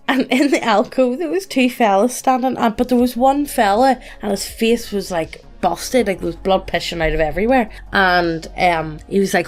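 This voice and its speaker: A woman, a podcast co-host telling stories in an animated way and laughing often. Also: lowish voice. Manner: animated storyteller, laughs a lot. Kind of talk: casual storytelling chat.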